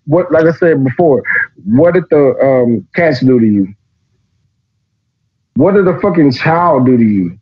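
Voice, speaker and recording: Man, podcast host, profane mocking riffs, raspy voice, muffled lo-fi sound. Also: fairly high pitch. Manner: profane, mocking, reads passages aloud then riffs. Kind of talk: casual reading and commentary. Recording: dull lo-fi recording.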